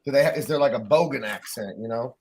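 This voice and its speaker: A man's voice: medium pitch, fast, darkish tone, breathy edge. Curious American man asking questions. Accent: General American. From California, USA. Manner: inquisitive, reads viewer questions from chat. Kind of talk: casual chat.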